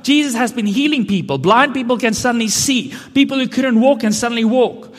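A man's voice: extremely high pitch, lively intonation, fairly quick. A man preaching a sermon, earnest and building to emphatic questions. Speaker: pastor. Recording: long hall reverb.

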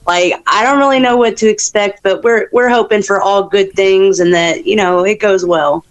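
A woman's voice: mid-range voice, normal speed, rough recording. A woman with a Southern US accent, a festival organizer, chatting casually and telling stories with lots of laughter. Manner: storytelling, laughs a lot. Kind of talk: casual interview chat.

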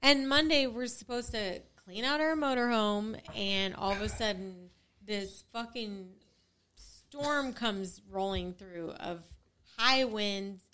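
A young woman with a smooth, clear voice tells a story among friends. She talks in an animated way, acts out what others said, and swears casually. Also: mid-range voice, slow pace.

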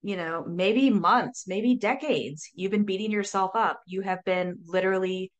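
A woman talking casually as a sober coach guest, lively, full of fillers and acted-out quotes. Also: mid-range voice, measured pace, lo-fi sound. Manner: animated, says "like" often, acts out quotes. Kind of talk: casual interview talk.

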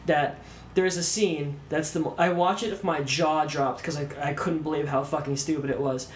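A man's voice: on the high side, normal speed. A man casually ranting about a movie on a podcast, swearing a lot and acting out scenes in mocking voices. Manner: animated, swearing, acts out lines in mocking voices. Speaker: podcast co-host. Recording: echoey room with faint background noise.

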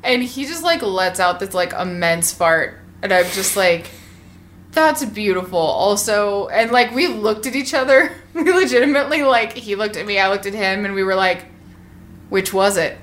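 A woman in her thirties chatting casually, playful and quick to laugh. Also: medium pitch, animated, a bit bright, a little hiss or hum. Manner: giggly, playful, laughs often. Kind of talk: casual chat.

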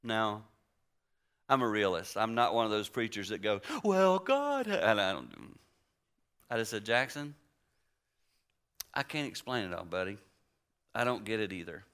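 A man in his sixties preaching a story-driven sermon in a conversational way, moving between hushed and emphatic. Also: lowish voice, normal speed, long pauses, smooth. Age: 60s.

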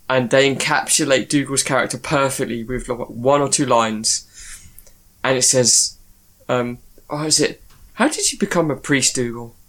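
A man in casual podcast chat, animated and laughing as he tells stories. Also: mid-range voice.

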